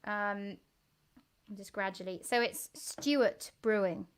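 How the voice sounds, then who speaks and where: A woman's voice: mid-range voice, slow pace, clean tone. A woman co-hosting a home music stream in casual chat, giggly and a bit bashful, reading a beer label aloud.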